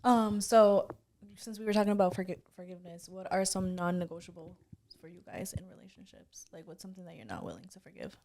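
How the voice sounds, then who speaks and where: A woman's voice: fairly low pitch, animated, fast talker, gravelly, dark tone. Woman asking questions on a podcast. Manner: asks questions, laughs along. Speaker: podcast co-host. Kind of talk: casual chat.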